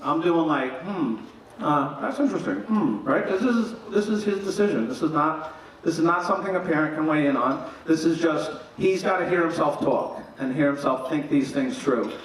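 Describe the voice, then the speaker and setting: Echo fills the reception hall as a middle-aged father of the groom, his voice a little high and his speed normal, tells amusing stories in his toast. He acts out the quoted voices with lively humor, and the distant mic picks up faint noise.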